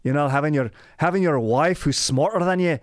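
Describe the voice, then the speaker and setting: A man's voice: fairly high pitch, fairly quick, dry recording, studio quality, pitched above the performer's own voice, close to an everyday voice. A man putting on a mock Scottish accent to play an angry Scotsman scolding a would-be actor. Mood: berating. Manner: shouting, profane, scornful.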